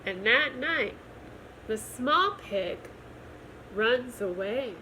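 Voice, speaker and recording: Woman, storytime reader, very slow, lively pitch, bright voice. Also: a little hiss or hum, poor audio. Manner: gentle, expressive storybook reading. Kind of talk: reading a children's picture book aloud.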